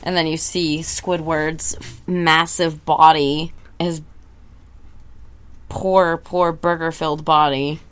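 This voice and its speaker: A woman's voice: sits low, flat delivery, slow pace, smooth. A woman co-hosting a podcast, animatedly retelling a cartoon episode and acting out the characters' lines. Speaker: podcast co-host. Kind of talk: casual recap chat.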